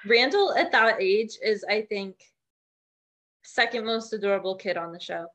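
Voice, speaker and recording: Bright, wry young woman. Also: medium pitch, moderate pace, dull audio. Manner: wry, leads the segments, dry teasing. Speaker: podcast co-host. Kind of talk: casual chat.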